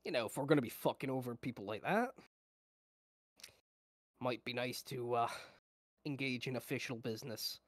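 A man's voice: medium pitch, normal speed, pauses often, dry recording, clean studio sound. A man playing a tabletop game, talking in character in a laid-back, joking way and swearing casually. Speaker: player.

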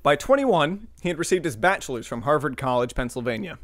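A man's voice: fairly high pitch, sing-song, fairly quick, dry recording. A man co-hosting a podcast, reading scripted history notes with joking asides and the odd slip of the tongue. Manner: reads notes with joking asides and occasional slips. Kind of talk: scripted history narration mixed with casual chat.

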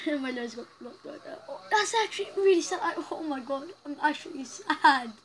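A woman's voice: sits high, expressive, moderate pace, rough recording. A woman giving casual, rambling commentary while playing a story game, reacting aloud as she goes. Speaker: gaming channel host. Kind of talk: casual let's-play commentary.

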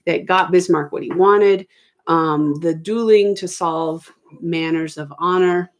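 A middle-aged woman reviewing history for an exam, explaining casually with many ums and quick self-corrections, recorded at home. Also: lowish voice. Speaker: history teacher. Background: children arguing in the background.

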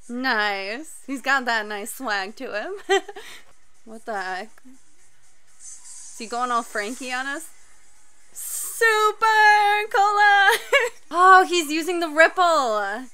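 A young woman doing a casual anime reaction, excitable and quick to gasp and shriek. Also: on the high side. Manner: excitable, gasping and shrieking in surprise.

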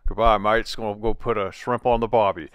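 A man's voice: fairly low pitch, fairly even intonation, brisk, fairly bright tone, no echo, close to an everyday voice. A man doing a playful, exaggerated mock Australian goodbye. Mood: goofy. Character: jokey mock Australian bloke saying goodbye.

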